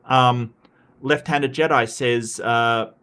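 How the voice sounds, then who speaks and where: A man's voice: mid-range voice, fairly even intonation, slow, sharp tone, clean tone. An Australian man hosting a livestream, giving an impassioned, casual rant with frequent restarts and repeated words. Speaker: livestream host.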